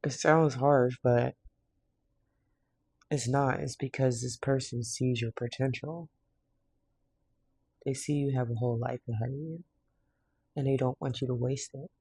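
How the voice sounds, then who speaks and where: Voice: medium pitch, steady tone, measured pace, long pauses, darkish tone, husky, dry recording. A tarot card reader in a casual reading, blunt and slangy, laughing now and then. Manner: laughs often.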